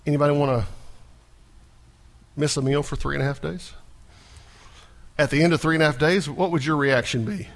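A man's voice: a little high, steady tone, a little fast, creaky, pauses often. A male pastor preaching a sermon in a conversational, folksy way, often restarting and repeating small words.

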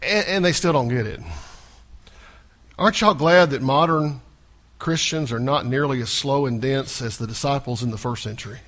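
A man's voice: mid-range voice, normal speed, a bit bright. A male pastor preaching a sermon in a conversational, folksy way, often restarting and repeating small words.

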